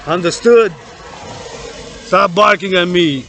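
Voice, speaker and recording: Gravelly high-voiced man ranting. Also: fairly even intonation, measured pace, pauses often, a little hiss or hum. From Canada. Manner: loud, profane, repeats chanted words. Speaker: vlogger. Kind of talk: rambling chanted rant.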